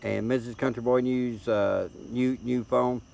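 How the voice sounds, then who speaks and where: A man's voice: medium pitch, steady tone, a little slow, vocal fry, a little mellow. A middle-aged man from Tennessee with a Southern accent, chatting casually and rambling as he hosts a live stream, recorded on a tablet's built-in mic. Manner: folksy, rambling, repeats words as he talks. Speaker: livestream host.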